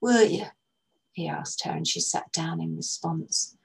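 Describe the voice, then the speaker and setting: A woman reads a literary short story aloud, gentle and measured. Her voice sits low and carries a soft husky grain. The narration flows calmly between the characters' lines. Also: rough recording. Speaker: narrator, actress reading a story.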